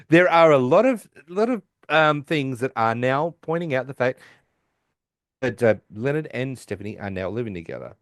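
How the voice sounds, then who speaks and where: A man hosting a podcast, casually retelling a sitcom episode and voicing quick quotes from the characters. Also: medium pitch, lively intonation, no room sound, studio quality. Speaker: podcast host. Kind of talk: casual recap chat.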